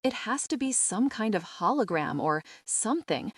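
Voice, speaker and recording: A woman's voice: mid-range voice, sing-song, normal speed, no echo. Woman doing panicked mother in shock, choked voice, shrieking, dry close sound. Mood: dazed denial. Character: terrified middle-aged mother in shock.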